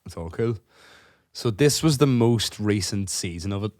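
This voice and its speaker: A lowish-voiced man, chatting casually as a podcast co-host. He gets animated and swears his way through a funny story. The recording is dry and close, with no room sound. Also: moderate pace, no echo. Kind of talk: casual chat.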